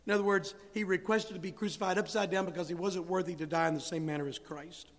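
A man's voice: high-pitched, steady tone, fast. A man preaching a sermon with rising emphasis, acting out biblical dialogue. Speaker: pastor. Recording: long hall reverb.

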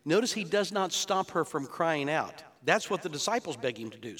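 A man's voice: a little high, lively intonation, normal speed, few pauses, a bit bright. A male pastor preaching an expository sermon, explaining scripture in an earnest teaching tone that builds to emphatic peaks. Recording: long reverb of a large hall.

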